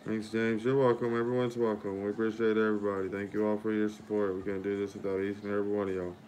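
Livestream host, male, deep-ish and even, runs through viewer thank-yous in a steady drone. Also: fast, a little hiss or hum. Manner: repetitive shout-outs and thanks to viewers. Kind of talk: casual live-stream chat.

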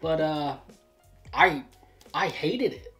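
A young man co-hosts a casual vlog and recounts a story in a relaxed, matter-of-fact voice. Faint background music sits quietly under his talk. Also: a little high, slow. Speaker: vlog co-host.

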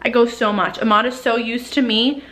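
A young woman talks at home in a casual vlog, a little breathless and slightly high in pitch. She rambles openly, with lots of "like" fillers and the odd swear word. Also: fairly even intonation, normal speed, bright, forceful tone. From New Jersey. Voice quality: frequent "like" fillers, swearing, emotional. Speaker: lifestyle vlogger. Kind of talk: casual chatty vlog monologue. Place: home living room.

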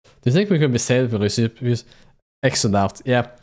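A man's voice: medium pitch, animated, brisk, a little mellow. A man casually commenting on a visual novel as he plays, joking around and swearing freely. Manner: swears freely and jokes around, reacting to the game. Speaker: streamer playing a visual novel. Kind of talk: casual let's-play commentary and reading game lines aloud.

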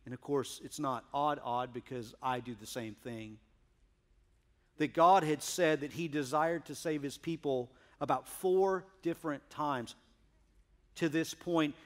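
A man preaching a sermon as pastor, emphatic, swinging from loud declarations to hushed asides. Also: a little high.

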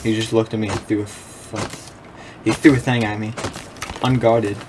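A man's voice: lowish voice, normal speed. Young guy doing chatty game commentary, gets worked up, cusses a lot, faint hiss behind. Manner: excitable, swears freely, laughs often. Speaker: gameplay video creator. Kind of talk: casual gameplay commentary.

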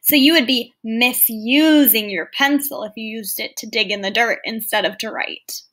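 A woman's voice: fairly high pitch, normal speed, fairly bright tone. A woman teacher reading a folktale aloud to children, explaining words and asking questions as she goes. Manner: clear, explaining, often asks listeners questions. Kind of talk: read-aloud lesson for children.

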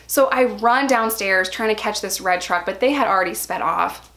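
A vlogger in her thirties tells a personal story casually and chattily, packed with "like" fillers. Animated, she acts out what people said in a raised voice, speaking at medium pitch and moderate pace.

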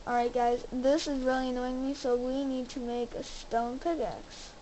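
A young woman hosting a gaming channel, giving casual commentary as she plays and talking excitedly to her viewers. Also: high-pitched, normal speed, a little hiss or hum, poor audio. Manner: excitable, exclaims and talks to viewers.

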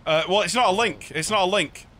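A man streaming a driving game, chatting casually and breaking into excited outbursts. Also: high voice, fairly quick. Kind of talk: casual gaming chat.

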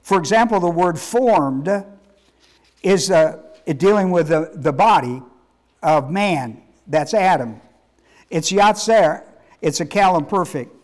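A man with a high-pitched voice preaches as a pastor. He teaches emphatically, repeating himself and quizzing the congregation. His delivery is halting and full of restarts. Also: expressive. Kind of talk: sermon teaching.

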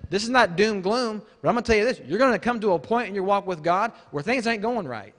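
A man giving a sermon as guest preacher, emphatic and conversational, swinging from casual asides up to shouts. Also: high-pitched. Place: church hall. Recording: long church hall reverb.

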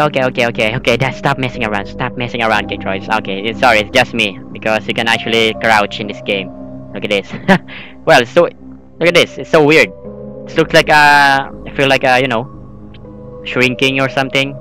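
Excitable man narrating horror gameplay. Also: mid-range voice, normal speed, faint music behind, poor audio. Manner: rambling, excitable, bursts into yelps and screams. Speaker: gaming channel host.

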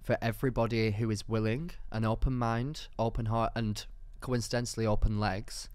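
A man's voice: lowish voice, level tone, moderate pace, a little mellow, smooth, dry recording. A man co-hosting a podcast in casual comedic chat, playful and theatrical with crude jokes. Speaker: podcast co-host.

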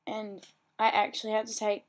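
A woman's voice: medium pitch, completely flat delivery, moderate pace. A teenage girl, chatting bubbly and scattered in a casual home vlog, often gasping and laughing. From Australia. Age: teens. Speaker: vlogger. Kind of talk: casual chat.

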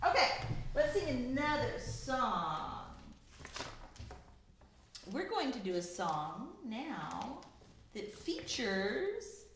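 A woman leading a children's choir lesson from home, demonstrating musical terms in a lively repeat-after-me way. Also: on the high side, drawn-out words, pauses often, a little hiss or hum. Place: home room. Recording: echoey room with faint music.

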